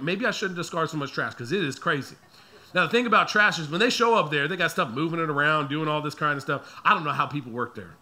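Male pastor, thirties, bright ringing voice, pitched a touch high, animated storyteller who slips into voices. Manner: animated, acts out voices of his kids and himself. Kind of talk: storytelling sermon.

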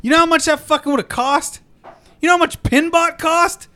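Loud high-pitched man, profane banter. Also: steady tone, normal speed. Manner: loud, profane, laughing often. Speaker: podcast co-host. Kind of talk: casual comedic banter.

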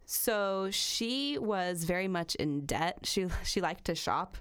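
A woman with a slightly lower voice tells a story on a casual podcast. She rambles easily, laughing often and filling pauses with fillers as she goes. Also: expressive, a bit bright, smooth. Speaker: podcast co-host telling a true-crime story. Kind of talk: casual chat.

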